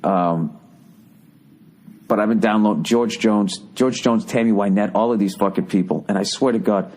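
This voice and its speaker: A man's voice: lowish voice, moderate pace, a little mellow. A middle-aged man with a Boston accent hosting a comedic podcast monologue, ranting profanely and incredulously. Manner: ranting, profane, incredulous, mock-singing quotes. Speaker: podcast host.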